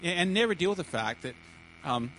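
Halting man preaching a sermon. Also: sits high, expressive, pushed and bright, a little hiss or hum, rough recording. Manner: halting, repeats words and restarts often.

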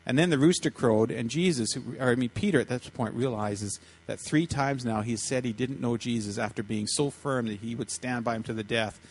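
A man preaching to children, retelling a story in an animated way and often repeating his words as he acts out quotes. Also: medium pitch, moderate pace, few pauses. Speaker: pastor speaking to children.

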